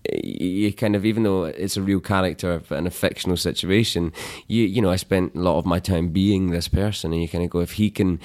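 A man with a Scottish accent, an actor being interviewed, talking in a thoughtful, halting way with many restarts. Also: low voice, fairly even intonation, darkish tone. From Scotland. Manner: thoughtful, halting, lots of "you know" and restarts. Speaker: actor guest. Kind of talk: relaxed interview chat.

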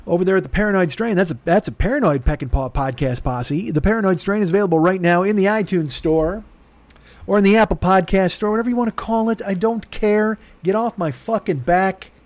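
Man, podcast host, slightly high voice, rambling comic monologue, profane, self-mocking, dry close sound. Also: brisk, a little mellow, no echo.

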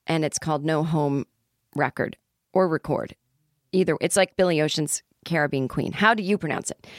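A woman's voice: on the low side, no echo, clean studio sound. A woman in her forties hosting a comedy podcast, talking in a chatty, rambling, self-deprecating monologue.

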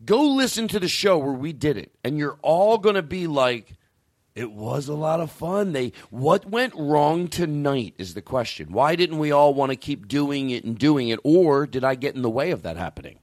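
A man's voice: fairly high pitch, lively intonation, moderate pace, few pauses, a little mellow, no room sound, studio quality. A man hosting a comedy podcast, talking in an emphatic, rambling, profane way. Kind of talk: casual comedic podcast chat.

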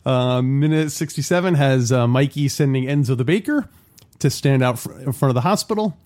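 A man's voice: medium pitch, a little fast, darkish tone. Rambling, giggly male podcast co-host. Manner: rambling, many fillers, giggly. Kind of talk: casual chat.

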